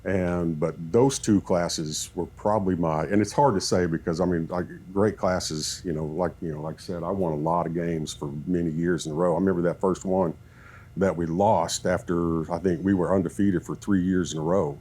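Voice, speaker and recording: A man who coaches football, telling animated stories in a podcast chat and acting out what people said. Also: deep voice, moderate pace, slightly rough. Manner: animated storyteller, acts out quoted talk.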